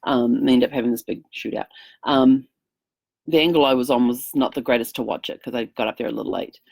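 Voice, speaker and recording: A woman's voice: rumbling low, steady tone, quick pace, creaky, a little mellow, husky, dry recording. A middle-aged woman vlogging in casual chat, telling a rambling story full of fillers. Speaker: travel vlogger.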